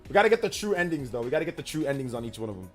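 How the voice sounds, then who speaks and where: A man's voice: mid-range voice, very animated, rapid-fire, fairly bright tone, soft background music. A man in his thirties chatting casually with his live-stream audience, rambling and slangy, repeating himself. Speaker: streamer reading chat.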